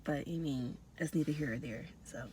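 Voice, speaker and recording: A woman's voice: sits low, brisk, warm tone. A woman co-hosting a podcast in laid-back casual chat, sick with a cold. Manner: laid-back, laughing banter. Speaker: podcast co-host. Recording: noisy background.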